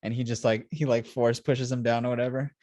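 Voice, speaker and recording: A man's voice: mid-range voice, little pitch movement, fairly quick, darkish tone, dry recording, studio quality. A man co-hosting a casual review chat, rambling through scenes and acting out quotes with frequent laughs. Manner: rambling storyteller, acts out scenes with "he's like" quotes, laughs often. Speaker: podcast co-host.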